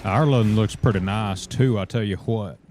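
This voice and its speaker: A man's voice: on the low side, normal speed, darkish tone, a little hiss or hum. A young man with a Southern US accent, chatting folksily with viewers during a live game stream and calling them brother. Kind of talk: casual live gaming commentary.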